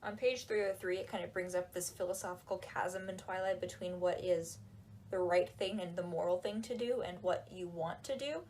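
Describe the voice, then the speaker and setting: A woman talking in a casual, animated and sarcastic way, with lots of "like"s, while she folds laundry. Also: on the low side, normal speed, a little hiss or hum. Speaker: book reviewer. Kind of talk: casual chat.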